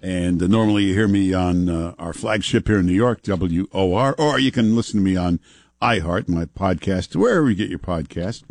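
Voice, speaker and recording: A man hosting a talk radio show in a relaxed, chatty way, often pausing on "uh". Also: low voice, gravelly, no echo, studio quality. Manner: relaxed, chatty, frequent "uh" fillers. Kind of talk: casual talk radio banter. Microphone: studio microphone.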